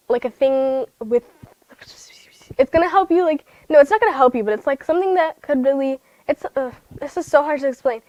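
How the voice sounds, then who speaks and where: A woman's voice: high-pitched, darkish tone, dry recording, lo-fi sound. A woman giving a casual livestreamed Bible lesson to children, chatty and rambling, with lots of fillers and self-corrections.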